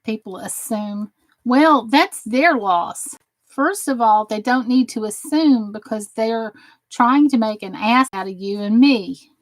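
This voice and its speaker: With no room sound on the recording, a woman speaks slowly in a fairly high voice and a Southern US accent. She runs a crafting channel and chats with viewers casually, alternating sarcastic ribbing with genuine encouragement.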